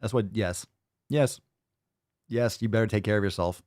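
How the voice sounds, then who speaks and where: A man's voice: fairly low pitch, normal speed, darkish tone, no room sound, studio quality. A man hosting a show, giving blunt, profane, sarcastic ranting commentary as he reacts to a video. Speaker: podcast host reacting to a video.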